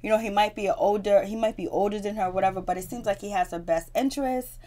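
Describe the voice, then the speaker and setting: A woman's voice: medium pitch, steady tone, fast talker, warm tone. A woman giving a casual spoken recap of a reality show episode, chatty and slangy, often laughing as she retells scenes. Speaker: TV recap vlogger.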